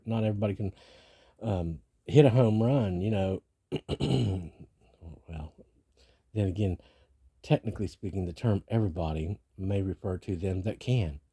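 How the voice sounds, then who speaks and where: A man vlogging in a gravelly morning voice, musing in a rambling way and often breaking off mid-sentence, about faith and everyday life. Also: on the low side, dark tone, dry recording. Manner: rambling, self-interrupting musing. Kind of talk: casual spiritual vlog monologue.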